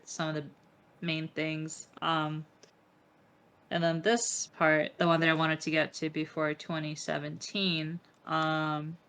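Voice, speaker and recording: A young woman with a low voice speaks candidly as an interview guest. Her talk is emotional and profane, full of fillers, and English is not her first language. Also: fairly bright tone.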